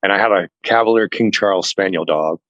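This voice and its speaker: Earnest man with a low voice. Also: brisk, no echo, muffled recording. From family heritage is Norwegian. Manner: earnest, animated retelling that acts out other people's lines. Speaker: interview guest. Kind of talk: personal storytelling in a casual chat.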